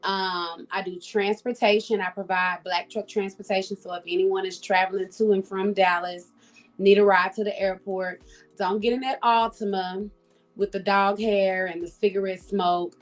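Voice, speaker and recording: A woman's voice: medium pitch, little pitch movement, normal speed. Upbeat woman joining a video call. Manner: upbeat, self-promoting. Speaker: guest, entrepreneur. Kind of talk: casual self-introduction.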